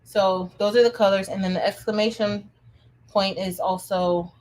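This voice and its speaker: A woman's voice: medium pitch, fairly even intonation, normal speed, a little mellow, a little hiss or hum, low-quality recording. A woman chats through a casual craft livestream from her home craft room. She speaks enthusiastically, with many fillers and restarts, and calls her viewers y'all.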